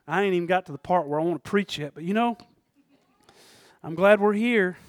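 A man preaching a sermon in a fervent, folksy way, moving between loud outbursts and hushed asides and chuckling often. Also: sits high, a little fast, no echo.

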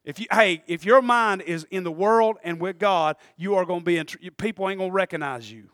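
A man preaching a sermon, swinging from shouts to low murmurs. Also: fairly quick, no echo, studio quality.

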